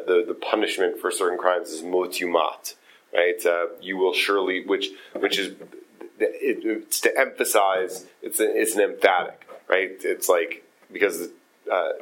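A man leading a text study group, explaining in a halting way with many fillers and restarts. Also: sits low, fairly bright tone, low-quality recording. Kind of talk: casual text study discussion.

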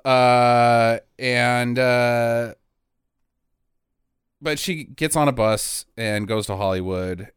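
A man's voice: medium pitch, fairly bright tone, smooth, no room sound, studio quality. A man hosting a casual movie review podcast, sarcastic and swearing as he recaps a film. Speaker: podcast host.

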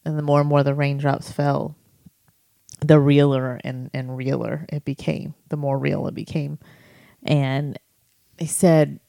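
A woman with a low, mellow voice co-hosts a casual faith podcast, telling stories and circling back with fillers and restarts. Her voice sits in her thirties and is recorded close and dry. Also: little pitch movement, a little slow, vocal fry, dry recording. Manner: storytelling, many fillers and restarts. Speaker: podcast co-host.

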